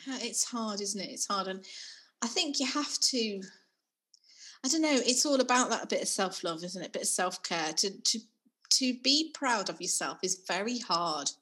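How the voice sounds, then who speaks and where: A woman's voice: medium pitch, expressive, normal speed, pushed and bright, husky. A middle-aged woman in casual chat, self-deprecating and laughing often.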